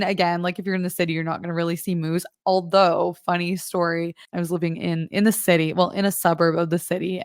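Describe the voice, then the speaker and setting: A woman's voice: on the low side, no room sound, clean studio sound. A young woman from Northern Ontario with a Canadian accent, chatting frankly as a reaction video host, explaining things. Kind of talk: casual reaction commentary.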